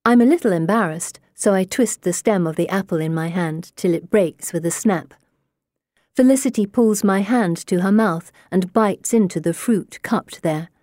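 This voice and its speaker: Brief: woman audiobook narrator, mellow and dry, intimate first-person telling. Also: on the low side, no room sound. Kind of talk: scripted narration.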